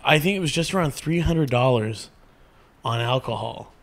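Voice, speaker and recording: A man's voice: medium pitch, lively intonation, normal speed, vocal fry. A man co-hosting a casual podcast, telling a loose story with fillers and swearing. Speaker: podcast co-host. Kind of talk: casual profane podcast banter.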